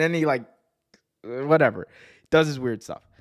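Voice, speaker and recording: Brisk and a little high in pitch, a wrestling podcast host talks casually and excitedly, laughing as he fumbles restarts and yells out famous commentator lines.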